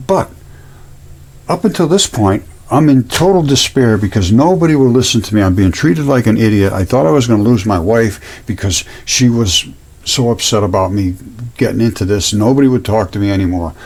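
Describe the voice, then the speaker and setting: A man's voice: fairly low pitch, animated, normal speed, a little mellow. A man hosting his own channel, talking casually and earnestly over images, rambling and repeating himself. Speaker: host.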